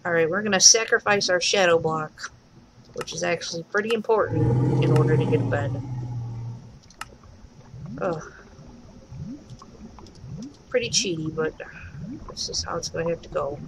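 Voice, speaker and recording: A woman's voice: on the low side, noisy background. Chatty woman commenting on gameplay. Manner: chatty, talks to game animals, swears lightly. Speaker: let's play host. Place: home room.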